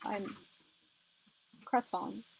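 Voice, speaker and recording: A woman's voice: takes it slowly, dry recording, low-quality recording. A woman co-hosting a livestream, making dry, playful asides in casual chat.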